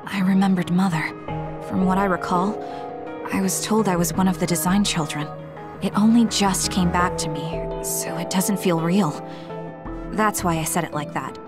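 A woman voicing a calm, reserved young woman in a video game, soft-spoken. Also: on the low side, moderate pace, close to an everyday voice. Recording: game audio with music behind.

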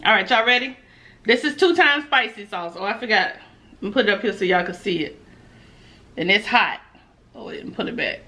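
Lively, bright-voiced woman vlogger. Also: a little high. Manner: chatty, laughs often, talks straight to viewers; nervous, giggly energy. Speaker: food vlogger. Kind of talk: casual mukbang vlog.

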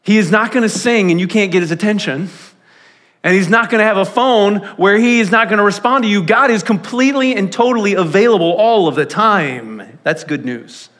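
Man, pastor, sermon, high voice, animated storytelling, church sanctuary. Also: brisk.

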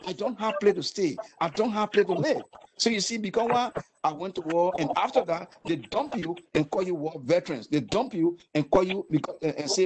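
Man in his 60s, from Africa, fairly high voice, halting and repetitive, earnest testimony. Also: a little mellow, husky. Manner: halting, repeats words, earnest. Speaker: interview guest, war veteran. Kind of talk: emotional personal testimony.

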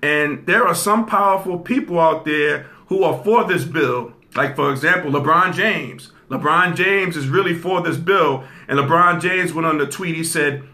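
Bright-voiced male host chatting. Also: fairly high pitch, moderate pace, few pauses. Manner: talks to the audience, often checks in with "okay?"; repeats phrases for emphasis. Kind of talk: casual commentary.

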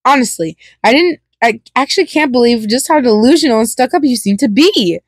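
A woman's voice: fairly high pitch, expressive, a little fast, breathy edge, no echo, studio quality, pitched above the performer's own voice. A woman voicing an angry, stern young man snapping back at a rival. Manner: stern, retorting.

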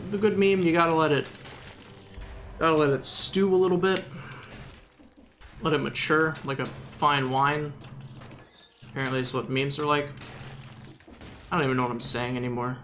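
A man's voice: on the high side, steady tone, moderate pace, long pauses, a bit bright, faint music behind. A man from the Southern US giving rambling, self-mocking gameplay commentary as a gaming video host.

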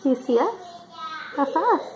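A mother speaks to her baby in gentle, cooing baby talk, her voice sitting fairly high. The home video was shot on a handheld camera. There is clear background noise. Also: sing-song, moderate pace.

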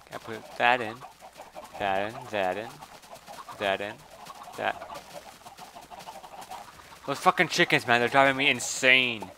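A man's voice: mid-range voice, creaky, bright, forceful tone, slight background noise. A man giving casual gameplay commentary, chatty, swearing, and talking to the animals in the game. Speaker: gameplay video host.

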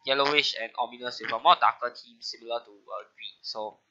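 A man with a nasal voice from a bad flu gives casual commentary on a game update. His tone is sharp and very bright, and he fills pauses with "uh". The recording sounds somewhat dull and lo-fi. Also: medium pitch, fairly even intonation. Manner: talks through notes with frequent "uh" fillers. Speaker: gaming video host.

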